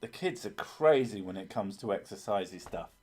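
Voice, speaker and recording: A man's voice: on the low side, lively intonation, normal speed, a little mellow. A man hosting a casual live stream, chatting crudely with lots of swearing and laughter. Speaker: streamer, host of a horror story channel.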